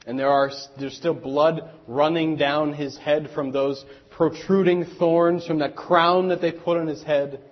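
A pastor preaching a sermon in an earnest, deliberate way with dramatic pauses, also turning to speak to the children. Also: male voice, on the high side, fairly even intonation, lo-fi sound. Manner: speaks directly to children in the congregation.

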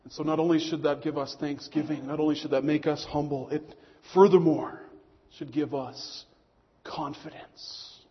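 A man preaching a sermon to his congregation in an earnest tone, slowing down on key phrases. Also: a little high, steady tone. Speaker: pastor. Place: church hall. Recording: muffled long hall echo.

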